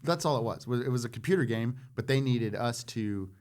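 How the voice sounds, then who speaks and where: A man in his forties, a former Marine guest on a podcast, telling stories in a self-deprecating, halting way with lots of fillers. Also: medium pitch, lively intonation, darkish tone. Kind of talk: casual storytelling chat.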